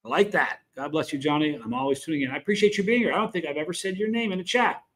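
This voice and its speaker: A man's voice: a little high, very fast, a bit bright. A middle-aged man with a Southern US accent, hosting a casual livestream, talking frankly and rambling while greeting viewers in the chat. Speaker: livestream host.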